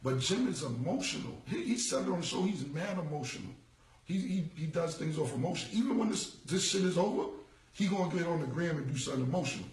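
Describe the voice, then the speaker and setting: Gravelly man ranting on a livestream. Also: fairly high pitch, expressive, fast talker, a little mellow, echoey room, recorded from a distance, low-quality recording. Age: 40s. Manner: rambling, repetitive street slang. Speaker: rapper. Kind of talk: casual livestream monologue. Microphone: phone.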